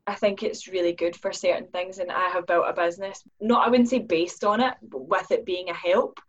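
A woman's voice: lowish voice, fairly even intonation, brisk, highs cut off. A woman, a business owner, speaking earnestly as a podcast guest and acting out her own inner questions in livelier voices. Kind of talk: podcast conversation.

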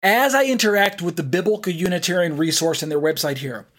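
A man's voice: high-pitched, a little fast, fairly bright tone. A man teaching an online Bible study, reading passages aloud and explaining them with frequent fillers and restarts.

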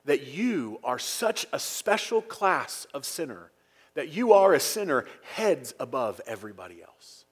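Emphatic male pastor preaching a sermon. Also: a little high. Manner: earnest, emphatic, with stressed phrases and dropping to near whispers. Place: church sanctuary.

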